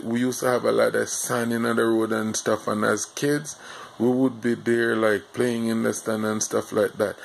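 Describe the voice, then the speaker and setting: Slow, gravelly Jamaican man rambling. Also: medium pitch, poor audio. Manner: rambling, halting delivery full of "you know" fillers. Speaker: storyteller. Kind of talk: casual storytime monologue.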